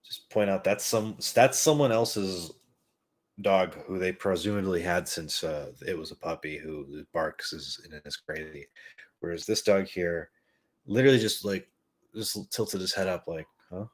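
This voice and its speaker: Low-voiced man telling rambling stories. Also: measured pace. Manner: rambling, profane, self-mocking. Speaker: podcast host. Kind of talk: casual comedic storytelling.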